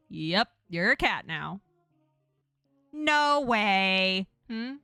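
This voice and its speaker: A woman's voice: mid-range voice, animated, very slow, pushed and bright, clear, resonant tone, dry recording, clean studio sound, soft background music. A woman game streamer lisping from a sore tongue, chatting casually and teasingly with viewers and reading game text aloud.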